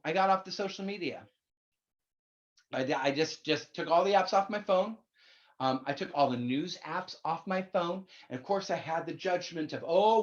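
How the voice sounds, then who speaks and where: Blunt, chatty minister preaching; plain middle pitch, muffled low-fi recording. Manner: candid, blunt, swears casually; conversational, addresses listeners directly. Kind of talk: sermon.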